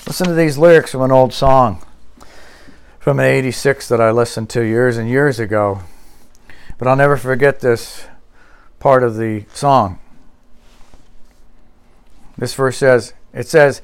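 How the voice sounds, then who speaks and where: A man preaching a sermon in an earnest style, lifting and dropping his voice for emphasis and reading quotes slowly. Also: mid-range voice, clear, resonant tone. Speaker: pastor.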